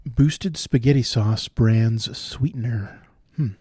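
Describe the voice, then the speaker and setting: Guy working thru crossword clues out loud, lowish mellow voice, explains as he goes, very dry sound. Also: slow, slightly rough, no echo. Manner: thinking aloud, explaining clues. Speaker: puzzle solver. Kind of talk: solving crosswords aloud.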